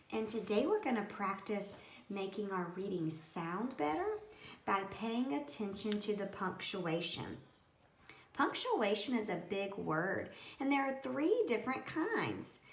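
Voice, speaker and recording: A woman teacher giving a slow, expressive read-aloud lesson to young children. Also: medium pitch. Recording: roomy with faint ambience.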